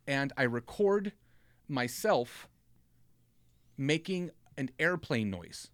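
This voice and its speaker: A man's voice: medium pitch, slow pace, no room sound. A man in his thirties telling a long comic story in casual chat, acting out what people said. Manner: animated storytelling, acting out quotes. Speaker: storyteller on a comedy podcast.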